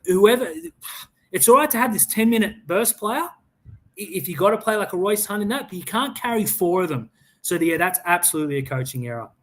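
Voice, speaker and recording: Blunt Australian man, higher-pitched. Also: lively intonation, fairly quick, a bit bright. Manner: blunt, opinionated, swears freely; frequent restarts and stammered repeats. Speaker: fan podcast host. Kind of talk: casual live-stream sports chat.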